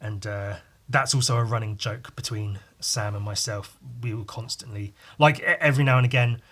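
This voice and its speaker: A man hosts a podcast while drawing on stream, chatting casually, swearing freely, and laughing at his own stories in a rambling way. His voice is on the low side and a bit bright, with fairly even intonation at normal speed.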